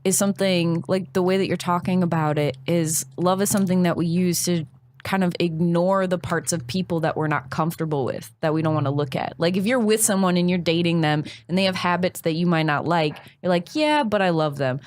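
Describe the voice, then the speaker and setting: A woman's voice: on the low side, steady tone, a little fast, darkish tone, a little hiss or hum. Woman host asking thoughtful questions. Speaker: podcast host. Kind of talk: casual podcast interview.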